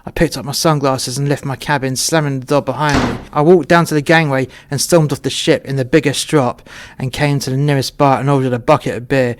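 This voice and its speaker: A man's voice: medium pitch, steady tone, fairly quick. A man narrating a first-person story in a blunt, conversational way, swearing freely.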